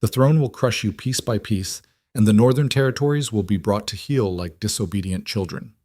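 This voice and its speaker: A man reading as a cold, steady she-wolf leader. Her lines come low and even with no room sound, each one clipped and firm. A storybook heroine who does not back down. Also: moderate pace, no echo, clean studio sound, natural voice. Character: defiant young female wolf-shifter leader, cold and steady. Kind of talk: audiobook character reading.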